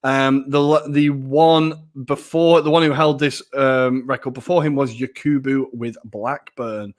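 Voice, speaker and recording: A man, co-hosting a podcast with excitable, jokey football banter. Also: mid-range voice, unhurried. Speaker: podcast co-host. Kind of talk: casual football chat.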